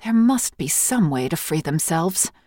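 A woman narrates a fantasy audiobook in a measured, even way. Her voice sits low and is recorded dry and close. The reading feels scripted and steady. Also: dry recording.

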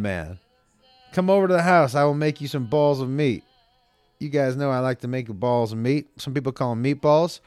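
Male host, casual profane storyteller, smooth resonant voice, dry close mic. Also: on the high side, no echo. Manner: rambling, profane, self-correcting. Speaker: show host telling a story.

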